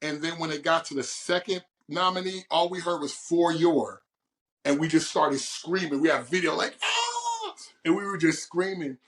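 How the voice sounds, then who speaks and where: A man from Oakland, a guest poet, telling his story in an interview with animated, boisterous energy. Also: a little high, fairly quick, hardly any pauses. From Oakland, California. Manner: animated, storytelling, boisterous and loud when excited. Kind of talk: interview conversation.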